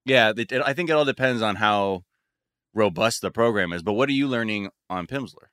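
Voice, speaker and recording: A man hosting a podcast, talking in an animated, joking way. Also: on the low side, a little fast, clear, resonant tone, dry recording, clean studio sound. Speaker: podcast host. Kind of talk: casual chat.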